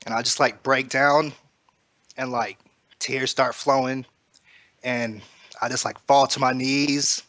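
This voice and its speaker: A man's voice: medium pitch, fairly even intonation, takes it slowly, pauses often, a bit bright, dry recording. A man playing a tabletop game, rambling through his character's actions with many fillers. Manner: rambling, filler-heavy, casual swearing. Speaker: player.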